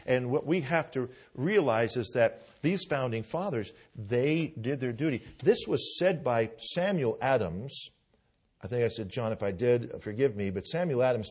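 A man's voice: mid-range voice, a little mellow. A man preaching a sermon in a church, fervent and conversational, often asking the congregation "Amen?" and restarting his words as he tells a story. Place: church with pews.

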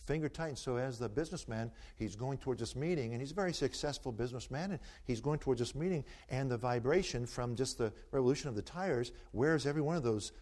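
Male speaker of middle pitch, folksy storyteller with a preacherly, rhetorical push; takes questions from the floor. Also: fast talker, hardly any pauses, darkish tone. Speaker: speaker taking audience questions.

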